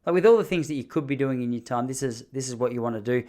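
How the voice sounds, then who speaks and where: A young adult man hosting a podcast, telling a story casually in an animated, jokey way. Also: medium pitch, racing. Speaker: podcast host.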